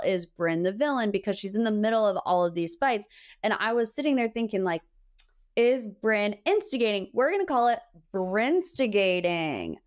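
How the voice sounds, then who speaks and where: An animated young woman, hosting a casual pop-culture podcast. Her voice sits at a middle pitch, and she talks in a chatty, gossipy way with quick asides. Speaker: podcast host.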